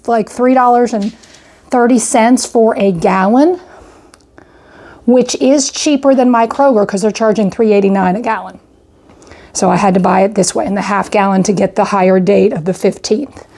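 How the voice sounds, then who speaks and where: A woman's voice: on the high side, steady tone, moderate pace, dark tone. An older woman casually going through her grocery haul item by item, chatty and a little out of breath. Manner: chatty, itemizing purchases with frequent "I got" and "went ahead". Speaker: homestead vlogger.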